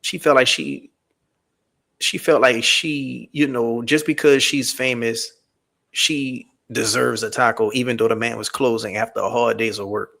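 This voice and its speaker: A man's voice: mid-range voice, fairly even intonation, measured pace, gravelly, pushed and bright. A man hosting a reaction show, commenting in a casual, slangy, digressive way. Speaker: host.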